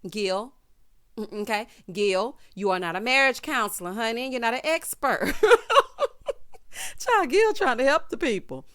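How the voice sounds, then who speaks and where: A woman giving a sassy, gossipy recap of a reality show, calling people "honey" and "child" and breaking into loud laughter. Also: fairly high pitch, moderate pace, clear, resonant tone, dry recording, clean studio sound. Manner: animated, bursts into loud laughter.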